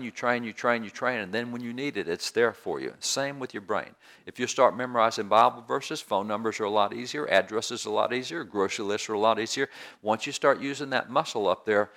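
A man's voice: lowish voice, a bit bright. A man preaching a sermon in a folksy, down-home way, repeating phrases for emphasis. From rural area.

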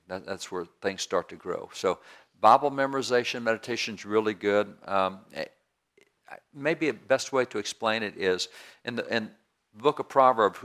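A man's voice: lowish voice, vocal fry, fairly bright tone. A man preaching a sermon in a folksy, down-home way, repeating phrases for emphasis. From rural area.

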